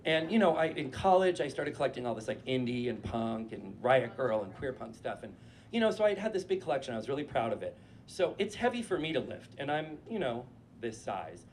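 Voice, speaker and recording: Casual storyteller guy from new hampshire, swears a lot, mid pitch, live audience, light noise behind. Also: a little fast. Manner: casual, profane, animated. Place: stage in front of a live audience.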